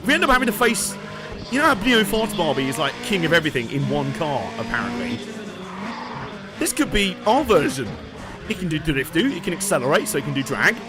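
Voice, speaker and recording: This let's play streamer's fairly high voice swings widely in pitch as he talks a little fast over a racing game. Engine noise and game music fill the background while he keeps up sweary, joking commentary and frequent laughter.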